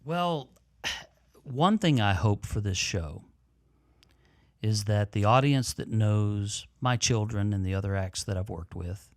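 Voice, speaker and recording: Low, slow-talking man hosting a podcast. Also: lively intonation, no room sound, clean studio sound. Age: middle-aged. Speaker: podcast host. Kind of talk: podcast interview.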